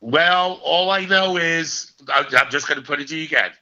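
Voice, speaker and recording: A man in his sixties, an actor guest, telling stories as an animated raconteur who punches his lines with "okay.". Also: a little high, moderate pace. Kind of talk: storytelling in a casual interview. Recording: dull lo-fi recording.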